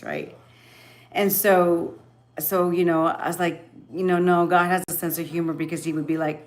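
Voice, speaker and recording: A middle-aged woman from Texas hosting a livestream, talking emotionally and haltingly to her viewers with many restarts. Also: deep voice, animated, vocal fry. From Texas, Rio Grande Valley. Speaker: livestream host. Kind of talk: casual chat with viewers.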